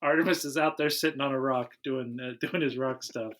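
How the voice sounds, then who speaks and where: A man hosting a casual comedy podcast, with a voice of middling pitch. He recaps a movie in a relaxed, wry way. He often circles back and restarts his sentences as he goes. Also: a little fast. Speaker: podcast host.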